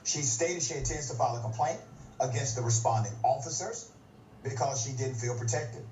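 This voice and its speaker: A man's voice: medium pitch, brisk, darkish tone, slight background noise. A man giving emphatic commentary and posing pointed questions to viewers, played as a clip. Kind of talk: scripted commentary. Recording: roomy, distant, dull clip.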